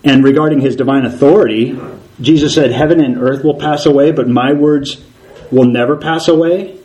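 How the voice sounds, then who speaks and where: A man's voice: medium pitch, steady tone, moderate pace, darkish tone, rough recording. Earnest male preacher asking rhetorical questions. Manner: frequent ums and restarts. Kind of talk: sermon.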